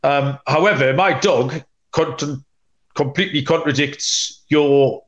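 A man's voice: a little high, slow pace, muffled recording. A man hosting a sports betting podcast, chatty and rambling with many ums, tossing in cheeky asides. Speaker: podcast host, betting analyst.

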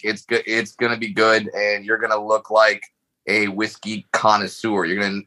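A man's voice: fairly low pitch, pushed and bright, poor audio. A man chatting as a comedy guest on a podcast, enthusiastic and stumbling over repeated restarts. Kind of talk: casual chat.

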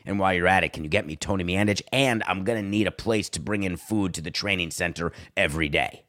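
A man doing a low, hushed impression of an entitled star quarterback reeling off smug demands. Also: quick pace, no echo, clean studio sound.

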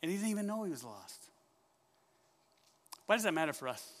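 A man preaching a sermon in church, telling a story with lively questions to the congregation. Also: high-pitched, fairly quick, long reverb tail. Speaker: pastor.

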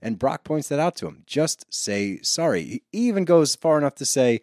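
A man hosting a casual reality-TV recap podcast, talking in an animated, sarcastic way and swearing freely. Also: medium pitch, moderate pace, hardly any pauses, no room sound, studio quality. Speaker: podcast host.

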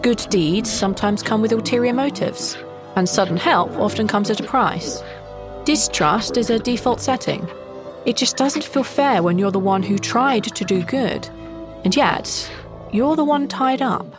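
A woman giving a measured, reflective scripted narration. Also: fairly high pitch, expressive. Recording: narration over loud music.

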